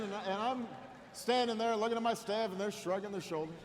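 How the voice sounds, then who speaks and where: Some chatter can be heard behind a high-pitched middle-aged man who is giving a rousing, story-based campaign speech as a candidate at a rally. He starts with halting repetitions and works slowly up to a shouted peak, while a large hall adds long reverb and faint noise.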